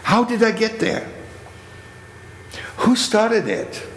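A man's voice: sits high, very animated, takes it slowly, fairly bright tone. An older man from Germany with a German accent, telling his survival story in a spoken testimony with vivid storytelling and rhetorical questions. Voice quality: gravelly. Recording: echoey hall with faint noise.

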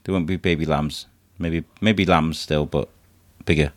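A man's voice: extremely low pitch, fairly even intonation, normal speed, dry recording. A man hosting a casual chat with his young son, teasing and encouraging him and chuckling often. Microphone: handheld microphone passed to child.

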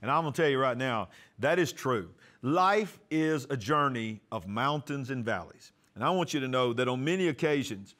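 A man pastor giving a testimony sermon, storytelling and acting out the dialogue, going soft and quiet for prayers. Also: medium pitch. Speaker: pastor and TV host.

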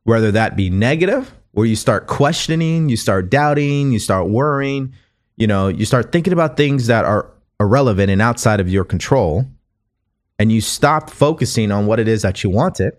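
A man with a fairly low voice speaks as a motivational coach on his own show. He talks in an earnest, conversational way, often circling back and restarting phrases to press his point. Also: expressive, moderate pace. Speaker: podcast host and coach. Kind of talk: motivational monologue.

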